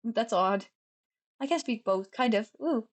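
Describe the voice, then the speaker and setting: A young woman from Finland with a Finnish accent, chatting casually on stream, talking fast and sloppily and stumbling over her words. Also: fairly high pitch, expressive. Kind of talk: casual chat.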